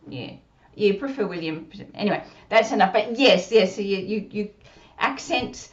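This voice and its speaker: A woman with an Australian accent, a ventriloquist chatting on a video call with quiet asides. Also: medium pitch, expressive, moderate pace, lo-fi sound. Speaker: ventriloquist guest speaker. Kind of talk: casual chat on a video call.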